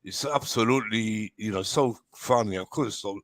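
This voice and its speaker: A man hosting a casual football fan livestream, talking in a halting way with many fillers and restarts. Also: fairly low pitch, fairly bright tone, no room sound. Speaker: host of fan channel livestream. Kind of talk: casual heated fan debate.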